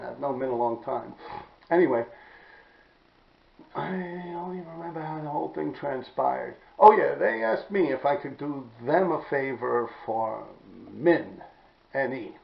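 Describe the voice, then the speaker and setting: A man, hosting a podcast and telling stories in a blunt, profane, rambling way, often clearing his throat. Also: mid-range voice, lively intonation, unhurried. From New York City. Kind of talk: casual storytelling monologue. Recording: roomy, dull-sounding recording.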